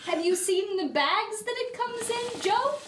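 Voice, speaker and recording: A woman's voice: very high-pitched, measured pace, fairly bright tone, echoey room, distant mic, slight background noise. A woman player trading playful, exasperated banter in a tabletop role-play.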